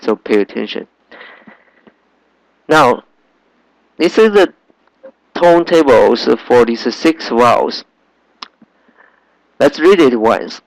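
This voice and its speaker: Slow, patient male teacher. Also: medium pitch, animated, gravelly, no echo, low-quality recording. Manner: patient, repeats sounds slowly for learners. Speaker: Chinese language teacher. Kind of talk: slow classroom lesson.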